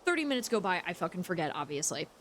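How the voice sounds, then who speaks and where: A woman's voice: on the low side, very animated, rapid-fire, slight background noise. A young woman streamer chatting casually while she plays a game, rambling frankly and swearing freely. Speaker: gaming streamer.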